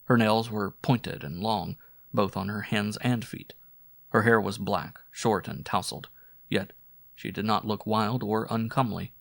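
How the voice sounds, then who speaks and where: A man narrating a weird-fiction audiobook in measured, descriptive storytelling. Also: lowish voice, steady tone, gravelly, no room sound. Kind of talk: scripted narration.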